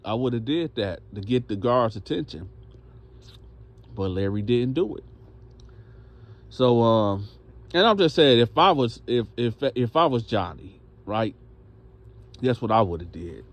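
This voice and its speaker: A man's voice: mid-range voice, a little slow, long pauses. A man telling a story in a casual way, acting out the voices of the people in it. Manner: animated, acts out voices.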